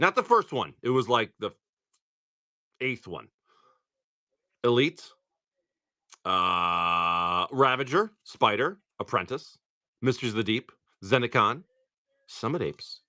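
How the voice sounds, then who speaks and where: Lively chatty man opening card packs. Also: mid-range voice, no room sound, clean studio sound. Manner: chatty, swearing, reads off card names. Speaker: livestream card-pack opener. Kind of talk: casual livestream chat.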